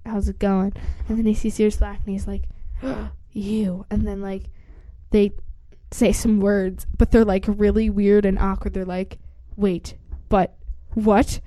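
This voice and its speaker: A woman casually retelling a story in a chatty way, full of fillers and quick acted-out lines. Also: mid-range voice, level tone, warm tone, no echo. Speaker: storyteller retelling a book plot.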